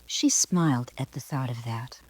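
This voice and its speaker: An older woman narrating her own storybook in a soft, often whispery way. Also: very deep voice, normal speed, breathy edge, dry recording, poor audio.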